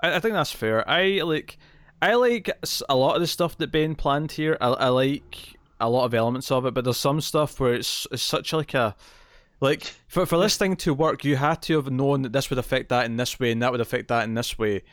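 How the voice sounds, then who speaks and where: A man co-hosting a casual comic book podcast, animated and quick to laugh, often restarting his sentences. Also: medium pitch, no room sound. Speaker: podcast co-host.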